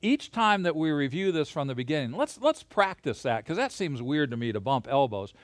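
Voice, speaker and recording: A man teaching a Bible lesson to children and families, lively and encouraging, guiding them through hand motions as he talks alone into a camera. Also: on the high side, fairly quick, no room sound. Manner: lively, gesture-led, encouraging.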